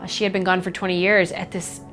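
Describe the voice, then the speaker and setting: A young woman from Chicago telling her personal story in a documentary interview, candid and reflective, halting often with fillers. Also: on the low side, flat delivery, a bit bright. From Chicago, USA. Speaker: MMA fighter. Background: faint background music.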